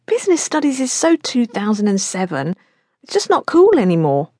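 A woman's voice: mid-range voice, wildly swooping pitch, normal speed, darkish tone, dry recording, clean studio sound, pitched above the performer's own voice. A woman narrator voicing a sly teenage daughter with a light, breezy voice in an audiobook.

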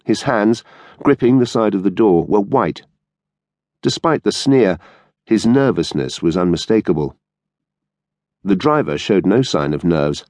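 A man narrating an audiobook in a measured, steady storytelling manner. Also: lowish voice, no room sound, studio quality. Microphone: studio microphone.

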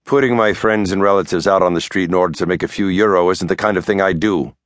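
A man voicing a young woman who is quiet at first and then blunt and principled. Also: low-pitched, fairly even intonation, fast talker, no echo, natural voice. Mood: firm.

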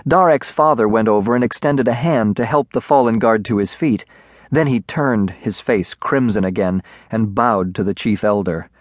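A man narrating a children's storybook in a measured, expressive way on a close studio mic. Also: fairly low pitch, no room sound. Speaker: audiobook narrator.

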